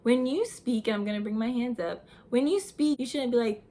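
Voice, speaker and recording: A woman's voice: fairly high pitch, normal speed, few pauses, darkish tone. A young woman giving lifestyle advice straight to her viewers, talking in an instructive way and calling them "you guys". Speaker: lifestyle vlogger. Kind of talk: advice vlog talking to camera.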